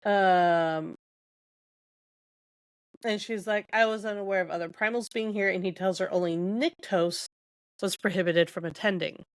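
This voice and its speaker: A young adult woman co-hosting a podcast retells scenes from a book in a casual way, quoting dialogue and using lots of fillers. Her mid-range voice stays fairly even, unhurried, with long pauses, in a dry recording.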